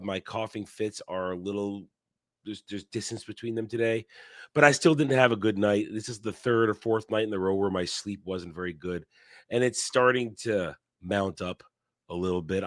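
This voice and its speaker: A man's voice: lowish voice, normal speed, fairly bright tone, dry recording, clean studio sound. A man hosting a casual live stream, sick with a strained voice, rambling with restarts and the odd cough. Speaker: host.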